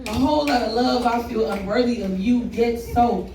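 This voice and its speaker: Woman, spoken word poet, rhythmic and blunt, higher voice, caught from a distance in an echoey room with background noise. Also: moderate pace. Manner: rhythmic, blunt and profane, with laughing asides to the crowd. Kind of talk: live spoken word poetry performance. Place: live poetry event room with an audience.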